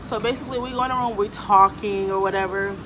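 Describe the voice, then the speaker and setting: A young woman vlogger tells her story in a casual, animated way. She is blunt and swears freely, and she fills her talk with "like" and "so basically". Her voice is at a middle pitch, with a faint hum of room noise behind it. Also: quick pace. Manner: blunt, profane, animated storytelling with frequent fillers.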